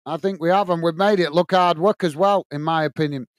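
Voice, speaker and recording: A man's voice: a little high, fairly quick, no room sound. A man hosting a football watch-along stream, reading out viewer messages and thanking each one as "mate". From England. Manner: chatty, says "mate" and "guys" a lot. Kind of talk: live stream chat.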